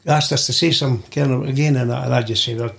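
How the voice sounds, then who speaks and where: Gravelly older Scottish man telling stories. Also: medium pitch, steady tone, fast talker, a bit bright. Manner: swears freely, rambling with many fillers. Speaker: podcast guest. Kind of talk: anecdotal storytelling.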